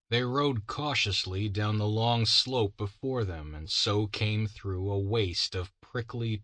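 Slow, measured male audiobook narrator. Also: low-pitched, bright, forceful tone, no room sound.

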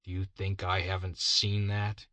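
A man's voice: deep voice, monotone, unhurried, bright, forceful tone, dry recording. A man voicing a bitter, curt leader of riders who snarls his words in a read-aloud story.

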